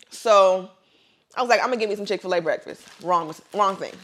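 A woman's voice: medium pitch, fast talker. A young woman, co-hosting a podcast, tells a long story in casual chat, swearing freely and acting out what people said. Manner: animated storyteller, profane, acts out quotes. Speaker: podcast co-host.

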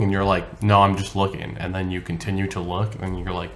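A man's voice: sits low, little pitch movement, fairly quick, a bit bright. A young man co-hosting a podcast, chatting casually and telling stories with a chuckle. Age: young adult. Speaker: podcast co-host. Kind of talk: casual chat.

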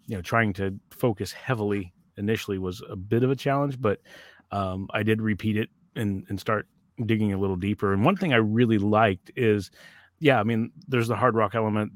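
A man with a low voice reviews an album in casual chat. He rambles and thinks aloud, filling pauses as he goes. The sound is close and dry. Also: no room sound.

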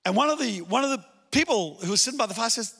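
A male pastor preaching a sermon in an animated way, swinging between emphatic points and hushed storytelling. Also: very high voice, quick pace, gravelly, slightly rough. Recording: long hall reverb.

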